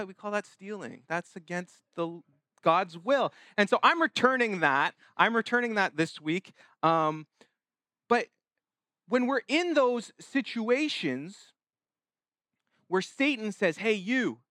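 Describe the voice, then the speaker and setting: A man's voice: high voice, bright, forceful tone, no room sound, clean studio sound. A male pastor preaching a sermon in a conversational way, restarting phrases and acting out quotes.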